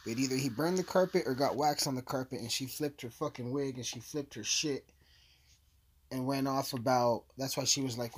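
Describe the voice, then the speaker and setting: A man's voice: mid-range voice, moderate pace, slight background noise. A man giving a casual, blunt, profane recap of a crime case, rambling as he goes. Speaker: true-crime commentator.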